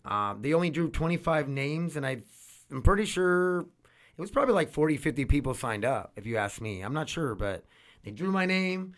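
A man's voice: fairly high pitch, expressive, normal speed. A man talking casually at home in a rambling way, swearing freely, with a washer running nearby. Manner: rambling, swears freely, repeats words and restarts. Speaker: vlogger. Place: home room with laundry machine running.

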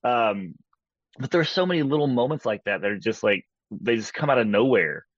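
A man co-hosting a relaxed horror-movie podcast, rambling through plot recaps full of "like" and restarts. His mid-range voice comes through dull and slightly lo-fi. The sound is dry and close. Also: medium pitch, moderate pace, no echo. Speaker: podcast co-host. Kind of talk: casual film-review chat.

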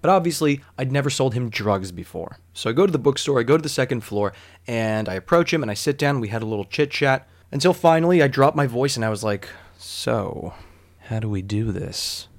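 A young adult man hosting a podcast, telling a personal story in a candid, wry, conversational way, with lively quoted lines and dramatic slowdowns. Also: mid-range voice. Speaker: podcast host. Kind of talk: storytelling monologue.

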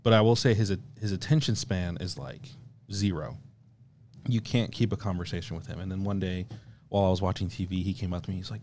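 Low-voiced young man telling stories. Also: brisk, darkish tone, a little hiss or hum. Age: young adult. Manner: storytelling, self-deprecating. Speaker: coworker guest. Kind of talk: casual podcast chat.

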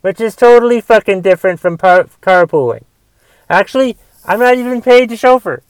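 Grumbling young man with a smooth voice. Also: high voice, lively intonation, brisk, no room sound. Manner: grumbling, rambling with restarts and swearing. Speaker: podcast host. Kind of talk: casual solo podcast rant.

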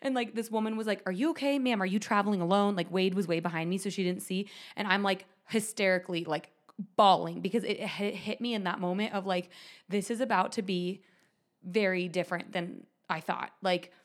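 A woman in her thirties co-hosting a podcast, telling a story animatedly with lots of "like" fillers. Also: medium pitch. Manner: animated, quick, many "like" fillers. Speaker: podcast co-host. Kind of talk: casual storytelling chat.

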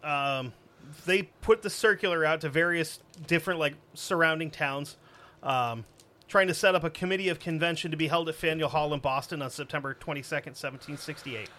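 A man's voice: fairly high pitch, fairly quick, pushed and bright. A man co-hosting a casual history podcast, joking and swearing as he reads from his notes. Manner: profane, joking, reads quotes aloud. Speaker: podcast co-host.

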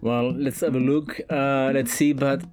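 A man's voice: mid-range voice, level tone, measured pace, music in the background. A man with a French accent chatting as a podcast guest, hesitant, with many fillers and restarts. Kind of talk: casual chat.

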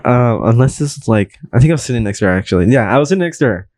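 A man's voice: medium pitch, lively intonation, racing, darkish tone, a little hiss or hum. A young man hosting a podcast in casual chat, rambling through stories, swearing and laughing often. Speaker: podcast host.

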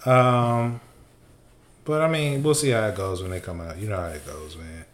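A man's voice: on the low side, fairly even intonation, normal speed. A man co-hosting a casual sneaker podcast, talking in a laid-back, offhand way. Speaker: podcast co-host. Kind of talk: casual chat.

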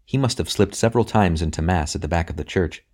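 A man reading a short story aloud in a measured, reflective way. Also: low voice, a little mellow. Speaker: narrator. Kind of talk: audiobook reading.

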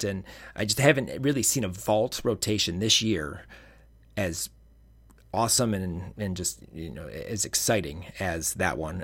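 A man's voice: deep voice, a bit bright, husky. A man co-hosting a podcast, chatting casually and rambling about college gymnastics. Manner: rambling, lots of fillers and restarts. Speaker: podcast co-host.

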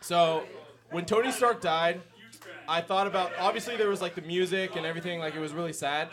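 A man's voice: high-pitched, steady tone, a little fast. A man in his thirties co-hosting a live podcast in a comic shop, telling stories at length in an earnest, rambling way. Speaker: podcast co-host. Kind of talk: casual live podcast banter. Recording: live room with crowd noise. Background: live audience.

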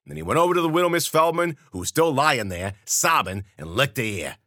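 A man spinning a gritty first-person tale in street slang, turning to the listener with wry asides. His pitch moves a lot and his tone is bright and forward. The mic is close and dry. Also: big pitch swings, quick pace, no room sound. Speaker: storyteller and podcast host. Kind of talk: first-person hardboiled storytelling.

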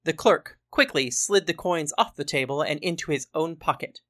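A woman narrating a storybook in a wry, even manner. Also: sits low, normal speed.

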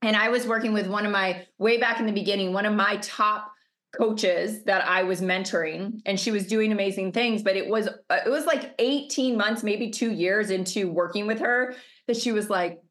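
A woman's voice: mid-range voice, normal speed, a bit bright. A middle-aged woman coach giving an emphatic motivational masterclass over a video call, stacking up rhetorical questions. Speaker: business coach.

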